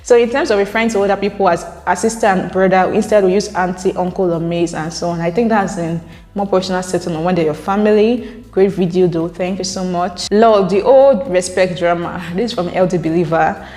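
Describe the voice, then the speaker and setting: A woman's voice: fairly low pitch, steady tone, fairly quick, mellow. A woman with a Nigerian accent, chatting casually as a vlogger and often laughing between points. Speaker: vlogger reacting to viewer comments. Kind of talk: casual chat. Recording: roomy echo with long reverb.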